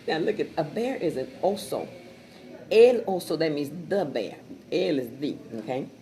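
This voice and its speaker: A woman chatting casually as she pitches her Spanish dictionary, repeating words and laughing at her own jokes. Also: very animated, normal speed, dark tone. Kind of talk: casual sales chat with jokes. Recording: crowd noise behind.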